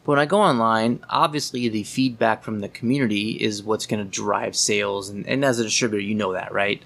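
A man's voice: lowish voice, fairly even intonation, a little fast, vocal fry, a bit bright. A man hosting a casual podcast chat, blunt and opinionated, asking pointed questions. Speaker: podcast host.

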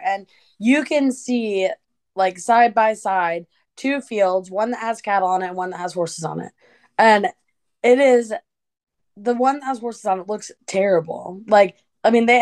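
A woman's voice: mid-range voice, darkish tone. A woman guest on a podcast, telling a rambling, chatty story in casual conversation.

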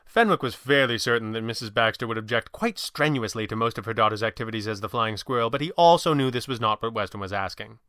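A man narrating a novel in an even storytelling voice. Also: on the low side, fast talker, hardly any pauses, smooth, no room sound, studio quality. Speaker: audiobook narrator. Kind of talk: scripted narration.

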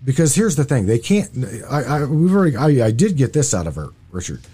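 A man's voice: mid-range voice, sing-song, fairly quick, dark tone, breathy edge. A man hosting a casual open-line call-in show, stumbling over his words and often restarting. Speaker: radio call-in host.

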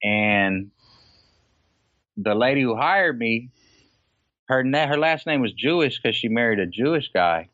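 A man from Oakland, a podcast guest, telling stories in casual chat, animated, laughing often and acting out other people's lines. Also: mid-range voice, measured pace, pauses often, no room sound. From Oakland, California. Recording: dry, slightly dull lo-fi podcast audio.

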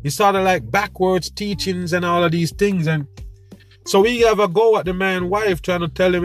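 A man hosting his own show, telling a story in an animated, preachy way with street slang. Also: high-pitched, moderate pace, faint music behind. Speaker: podcast host. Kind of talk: casual monologue.

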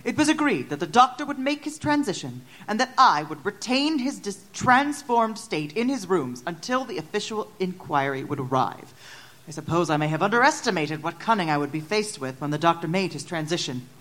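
A woman narrating a story in the first person, with expressive storytelling. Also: on the low side, a little fast, rough recording. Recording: narration over music. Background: background music.

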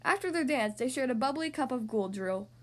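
A woman reading a children's picture book aloud in an expressive, sing-song way. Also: sits high, a little fast. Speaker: storyteller.

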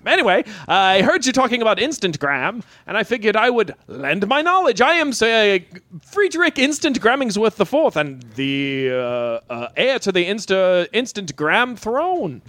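Brief: man playing a grand, self-important coastal gentleman, high lively voice, dry close sound. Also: no echo, heavily acted. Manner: grandiose, slow, mock-formal. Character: pompous aristocratic man from the coast. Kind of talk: improvised comedy bit.

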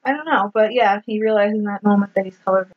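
A woman's voice: medium pitch, quick pace. A woman recapping a movie in casual chat, swearing freely and quoting scenes. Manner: swears freely, retells scenes with acted quotes. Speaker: podcast co-host. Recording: dull lo-fi sound.

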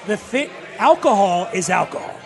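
A man co-hosting a casual podcast chat, animated and laughing as he explains with punchy asides. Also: high-pitched, moderate pace, faint music behind, a faint crowd. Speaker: podcast co-host, spirits expert.

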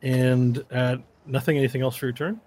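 A man's voice: mid-range voice, fairly even intonation, normal speed, darkish tone, no echo. A man narrating a tabletop game as game master, laid-back and often laughing.

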